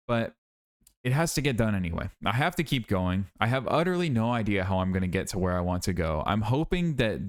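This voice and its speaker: A young man talks straight to camera in a loose vlog monologue, sounding tired and worn out. His voice sits fairly low. He rambles, doubts himself, and circles back over the same points. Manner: rambling, self-critical, repeats himself. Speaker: YouTuber.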